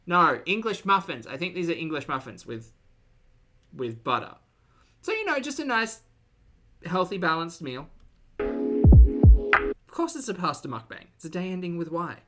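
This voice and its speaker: Sarcastic bright-voiced woman streamer. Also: on the low side, expressive, moderate pace, long pauses, soft background music. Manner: sarcastic, mocking asides. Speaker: commentary streamer. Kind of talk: reaction stream commentary.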